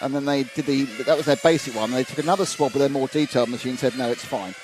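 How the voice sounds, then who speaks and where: A man's voice: medium pitch, very fast. A man commentating live on a model car race, chatting and rambling through viewer comments at an outdoor track. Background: engine noise.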